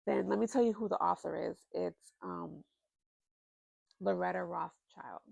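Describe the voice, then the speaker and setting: Gravelly, unhurried woman chatting about books. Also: lowish voice, dry recording, lo-fi sound. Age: adult, married. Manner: chatty, expressive, lots of fillers. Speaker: book vlogger. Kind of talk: casual book recommendations.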